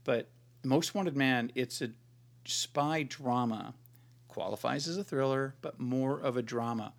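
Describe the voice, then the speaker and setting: Sweary guy rambling about movies on a podcast, sarcastic, regular pitch. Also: unhurried, gravelly. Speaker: podcast co-host. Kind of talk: casual movie review chat.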